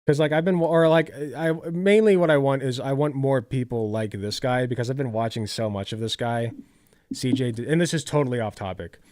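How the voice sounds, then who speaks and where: A man's voice: mid-range voice, a little fast, darkish tone, no echo, clean studio sound. A tired man live-streaming, chatting casually, rambling with lots of "like" and swearing.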